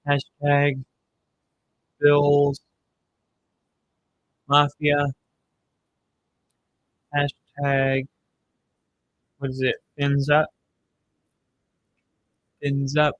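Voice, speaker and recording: Young man, live streamer, rambling casual chat, dry close sound, slightly high voice. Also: monotone, very slow, long pauses, no echo, lo-fi sound. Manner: rambling, swears, reads chat aloud.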